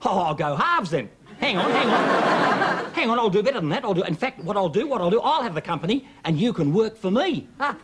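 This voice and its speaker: A dim, bragging Australian bloke who blurts and stammers in a high, bouncy voice. He plays in a studio sitcom on old TV tape with loud clicking noise behind him. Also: big pitch swings, brisk. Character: dim, boastful, bumbling middle-aged man. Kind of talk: 1980s studio sitcom acting.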